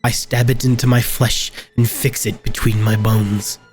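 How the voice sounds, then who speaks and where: A man reads a horror game's text at an unhurried pace, with quiet reactions between passages. His pitch sits in the middle and barely moves. Game music is clearly heard behind him. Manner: slow, flat narration with quiet reactions. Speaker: gameplay video host. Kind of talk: reading a horror game aloud.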